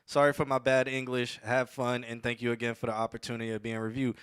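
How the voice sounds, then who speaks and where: A man's voice: mid-range voice, little pitch movement, fast, a bit bright, clear, resonant tone, no room sound. A man hosting a music review livestream, joking around and stumbling over foreign song titles, recorded on a close desk mic. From Dominican family. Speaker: music review show host. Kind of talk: casual livestream chat.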